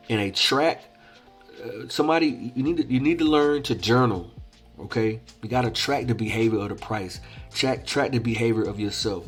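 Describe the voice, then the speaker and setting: A man's voice: fairly low pitch, breathy edge. A man teaching day trading over chart examples, emphatic and repetitive, often checking in with "all right?". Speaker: trading coach. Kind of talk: screen-share trading lesson.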